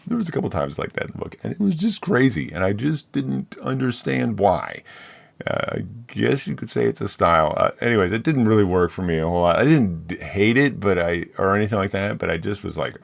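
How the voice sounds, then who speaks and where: A man's voice: fairly low pitch, very animated, brisk, creaky. A middle-aged man talking casually about books, in a rambling, filler-heavy way that often breaks off mid-sentence. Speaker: book reviewer. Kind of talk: casual book chat.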